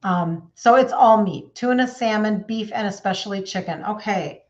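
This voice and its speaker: A woman's voice: medium pitch, moderate pace, dull audio. A woman in her fifties, a health coach chatting casually on a live stream and reading out viewer comments, with lots of fillers. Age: 50s.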